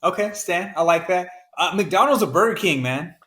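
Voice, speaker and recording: A man from the American South chats loosely with a friend on a podcast. His voice is bright and a little high, and he rambles through fillers and keeps tossing in "man" as he goes. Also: lively intonation, moderate pace. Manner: laid-back, says "man" often, rambling with fillers. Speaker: podcast co-host. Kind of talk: casual chat.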